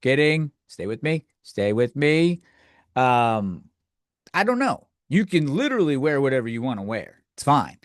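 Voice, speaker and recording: A man's voice: mid-range voice, sing-song, dry recording, clean studio sound. A man hosting a podcast, delivering a comedic rant in a provocative, offhand way and brushing things off as jokes. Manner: provocative, offhand, quick to say just kidding. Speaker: podcast host.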